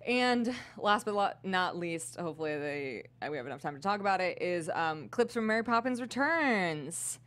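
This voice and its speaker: Co-host, young woman, lower register, excitable storyteller, filler-heavy casual delivery. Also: moderate pace, few pauses. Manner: animated storytelling, heavy use of "like". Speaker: podcast co-host. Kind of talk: casual chat.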